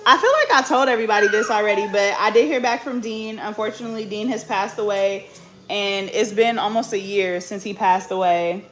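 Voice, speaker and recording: A woman's voice: mid-range voice, a little fast. A young woman, chatting casually as a vlogger in a loose, slangy, joking way. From Bay Area, California. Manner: loose, slangy and joking, with bursts of loud scolding. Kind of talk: casual chat.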